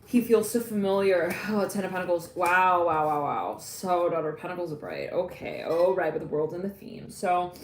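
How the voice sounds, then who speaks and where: A woman giving a live tarot reading in a chatty, excitable way, laughing often and acting out little quoted lines. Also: lowish voice, moderate pace, hardly any pauses, roomy sound, a little hiss or hum. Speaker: tarot reader.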